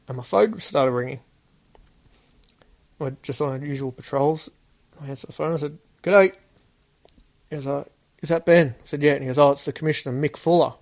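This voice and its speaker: A man's voice: on the high side, gravelly. Laid-back Australian man telling stories. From Sydney, Australia. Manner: acts out quoted dialogue, laid-back. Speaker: former police officer, guest. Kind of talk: casual storytelling.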